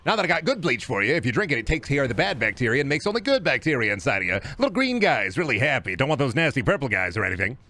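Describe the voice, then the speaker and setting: A man voicing a smooth, wheedling old-timey male salesman pushing a dubious cure. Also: sing-song, very fast, few pauses, pushed and bright, full character voice. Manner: smooth, wheedling pitchman patter. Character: fast-talking old-timey male snake-oil salesman.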